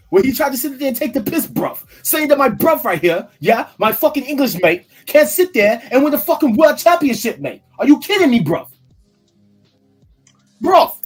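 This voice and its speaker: A man's voice: very high-pitched, voice pushed up, full character voice. A man putting on a mocking impression of a brash British male wrestler, heavy on slang and swearing.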